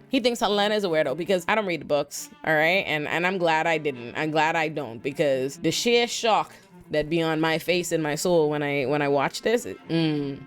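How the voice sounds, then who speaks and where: Young woman, fairly low voice, emphatic, slangy storytelling, light music behind. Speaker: TV recap host. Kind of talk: casual TV episode breakdown.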